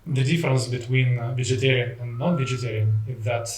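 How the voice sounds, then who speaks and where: A man with a Russian accent, a podcast guest chatting casually, pausing often to search for words. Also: medium pitch, fairly even intonation, a little mellow, recorded from a distance, a little hiss or hum. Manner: halting, searching for words with many uh fillers. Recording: echoey room, voice off-mic.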